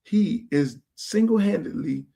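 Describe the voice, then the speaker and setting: High-voiced man ranting on his stream. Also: a little slow, vocal fry, breathy edge. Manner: animated, blunt and profane, with street slang. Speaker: show host. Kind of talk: casual livestream rant to viewers. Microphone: streaming setup mic.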